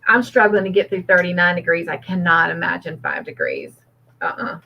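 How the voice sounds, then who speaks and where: A woman's voice: lowish voice, huge pitch swings, fairly quick, gravelly, breathy edge. A woman hosting a casual livestream, reading out viewer comments and chatting back with frequent laughs. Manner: chatty, warm toward viewers, laughs often. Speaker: host. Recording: slightly dull lo-fi audio.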